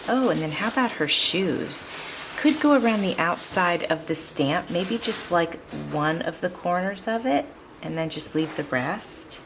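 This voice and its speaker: A woman's voice: on the low side, animated, unhurried, music in the background, poor audio. A woman hosting a crafting tutorial, chatting in a casual, upbeat way and laughing now and then as she works. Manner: chatty, upbeat, laughs often while working. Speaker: craft video host.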